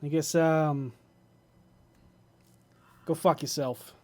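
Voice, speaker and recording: A man's voice: a little high, steady tone, very slow, darkish tone. A man voicing a foul-mouthed male goblin who used to be a thief, with a grating, nasal voice and a crude, swaggering manner. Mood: brash.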